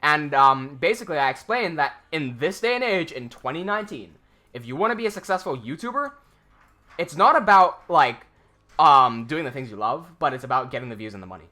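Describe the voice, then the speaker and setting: A man's voice: a little high, very animated, a little fast, sharp tone. A man hosting a casual livestream, chatting and answering viewer comments in a rambling way, laughing often. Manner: rambling, laughs often, many fillers and restarts. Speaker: animation livestream host.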